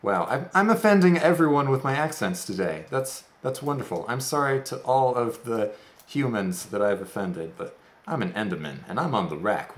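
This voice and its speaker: A man's voice: on the low side, animated, fairly quick, reverberant. A man hosting a let's play, giving casual gameplay commentary with rambling, self-deprecating, goofy asides.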